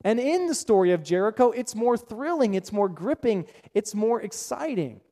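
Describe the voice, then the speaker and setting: A man's voice: high-pitched, big pitch swings, normal speed, mellow. Man preaching with repeated emphatic phrases. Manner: repetitive emphatic preaching with rhetorical questions. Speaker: pastor. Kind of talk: sermon.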